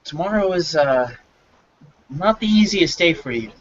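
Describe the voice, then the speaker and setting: A man voicing a kindly, weary male mayor who speaks slowly and gently. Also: a little high, lively intonation, dull audio, pitched above the performer's own voice.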